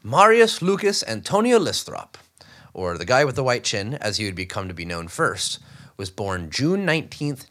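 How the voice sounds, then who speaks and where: A young man presents his research on a casual podcast, his pitch swinging widely as he talks. He rambles and pokes fun at himself. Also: normal speed. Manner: rambling, self-deprecating, animated.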